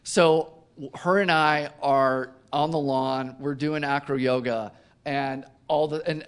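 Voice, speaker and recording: A man as an interview guest, telling a self-mocking personal story in casual conversation with lively delivery. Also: a little high. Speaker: company co-founder, interview guest.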